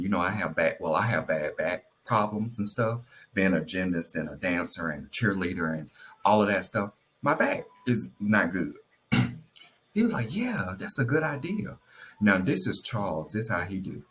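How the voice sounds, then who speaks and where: A man giving casual, heartfelt marriage advice, telling stories animatedly and encouraging his listeners. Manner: animated storyteller, acts out quotes in a high voice; earnest, encouraging.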